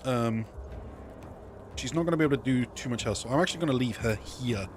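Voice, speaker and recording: A man's voice: medium pitch, fast, slight background noise. A man casually commentating his gameplay as a let's play streamer, thinking aloud and correcting himself as he goes.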